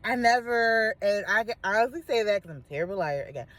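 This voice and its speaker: A woman's voice: medium pitch, quick pace. A woman, candidly telling personal stories to the camera with slangy asides. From Chicago. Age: 30s. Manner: candid, animated storytelling with slangy asides and laughs. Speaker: vlogger. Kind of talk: casual talk to camera.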